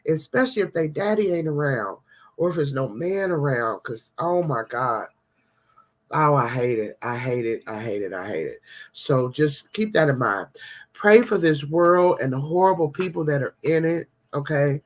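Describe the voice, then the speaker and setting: A woman's voice: low voice, expressive, moderate pace. A woman hosting a casual devotional vlog, chatting animatedly and talking straight to her viewers.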